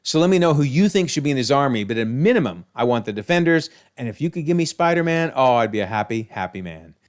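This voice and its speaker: A man hosting a video, recapping a TV episode in an animated, exclaiming way. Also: medium pitch, fast talker. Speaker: video host.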